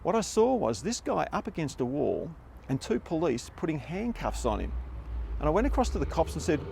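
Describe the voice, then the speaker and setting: An older Australian man telling a story in a relaxed, wry, conversational way. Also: on the high side, a little fast, creaky, a little hiss or hum. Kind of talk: casual spoken storytelling.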